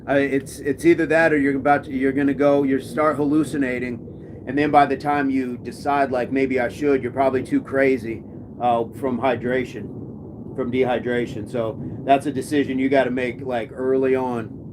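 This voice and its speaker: A man hosts a relaxed live chat, reading out viewers' comments and riffing on them with jokes. His voice sits at an ordinary middle pitch, and a faint hiss of background noise runs under the recording. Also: moderate pace. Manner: jokey, reads comments aloud and riffs on them.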